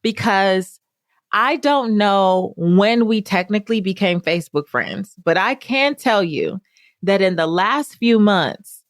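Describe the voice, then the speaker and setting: A woman's voice: medium pitch, lively intonation, slow, no room sound, studio quality. A woman hosting a podcast, talking with effusive, rambling enthusiasm. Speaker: podcast host. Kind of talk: podcast intro and interview chat.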